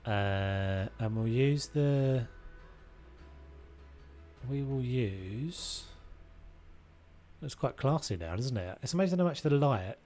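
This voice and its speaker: A man's voice: mid-range voice, expressive, slow pace, pauses often, mellow, faint music behind. A young man streaming a renovation game, casually thinking aloud and muttering to himself as he builds, with self-deprecating asides. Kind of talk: casual live-stream commentary.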